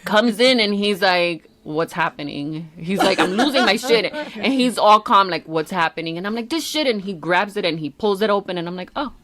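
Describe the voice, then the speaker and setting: A woman co-hosting a podcast in casual chat, telling animated stories, swearing freely and acting out quotes. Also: mid-range voice, moderate pace, few pauses. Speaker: podcast co-host.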